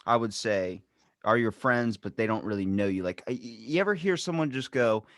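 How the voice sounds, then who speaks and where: Animated man hosting a podcast. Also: lowish voice, moderate pace, no room sound, studio quality. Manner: animated storyteller, acts out exchanges loudly. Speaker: podcast host. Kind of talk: casual chat.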